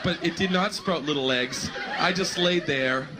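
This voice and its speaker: A man doing a stand-up routine, animated and jumping into squealing voices. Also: a little high, moderate pace. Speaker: stand-up comedian. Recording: noisy live stand-up recording.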